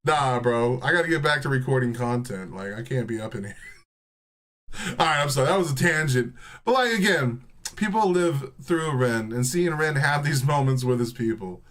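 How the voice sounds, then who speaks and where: A man's voice: mid-range voice, expressive, moderate pace, a bit bright. A young man giving a rambling, joking reaction commentary, swearing freely, laughing often and filling his talk with "bro" and "like.". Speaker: reaction streamer.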